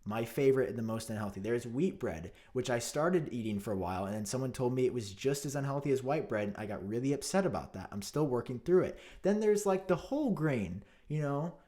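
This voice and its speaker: A man vlogging to camera in a mock-outraged, sarcastic commentary, theatrical and swinging between loud jabs and muttered asides. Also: medium pitch, lively intonation, fairly quick, hardly any pauses. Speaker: tech vlogger.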